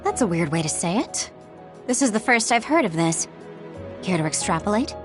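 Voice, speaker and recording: A woman's voice: mid-range voice, big pitch swings, moderate pace, music in the background, natural voice. An actress playing a loyal, outspoken young woman who speaks firmly and emphatically in a game cutscene. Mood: puzzled. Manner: firm, emphatic.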